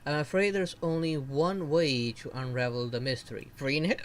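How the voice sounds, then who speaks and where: A male VTuber streamer reading game dialogue aloud slowly, with casual commentary, laughs and mild swearing. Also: medium pitch. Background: faint game music.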